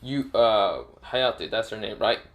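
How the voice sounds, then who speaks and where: A man's voice: on the low side, takes it slowly, fairly bright tone. A man doing a cocky, offhand fighter. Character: cocky, laid-back male fighter.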